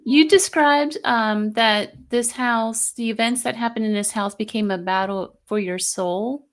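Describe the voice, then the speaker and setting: A woman hosting a podcast interview, her voice a little high. She asks measured, sympathetic questions. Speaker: podcast host.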